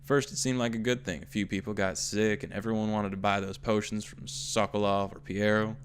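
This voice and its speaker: A man's voice: lowish voice, fairly even intonation, slight background noise, close to an everyday voice. A man voicing a male slum gang member, telling the tale with a put-on Southern drawl as he reads an in-game note aloud. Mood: storytelling. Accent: slipping into a put-on American Southern drawl. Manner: unhurried storytelling read-aloud. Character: male slum gang member recounting his boss's rise.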